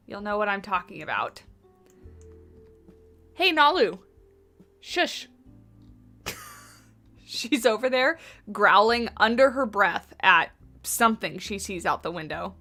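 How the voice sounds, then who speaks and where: Chatting casually while building in a game, this woman streams from home, rambling and talking to the people in her chat. She has a mid-range voice with a sharp tone, recorded on a USB desktop mic mounted on a boom arm.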